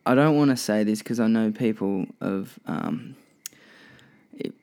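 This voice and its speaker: Gravelly low-voiced guy rambling. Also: lively intonation, unhurried, darkish tone. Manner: rambling, sweary, lots of restarts. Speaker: podcast host. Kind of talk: casual solo podcast chat.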